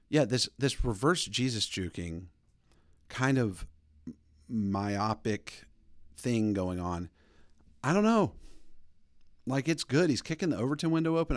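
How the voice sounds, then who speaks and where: A man in his thirties hosting a podcast, telling stories in a rambling, animated way. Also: lowish voice, no echo, studio quality. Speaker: podcast host. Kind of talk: casual opinion talk.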